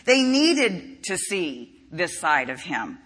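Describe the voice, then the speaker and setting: A woman's voice: lowish voice, big pitch swings, takes it slowly, fairly bright tone, husky. A woman preaching a sermon in a conversational, storytelling way with frequent asides, recorded in a large hall. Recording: reverberant hall.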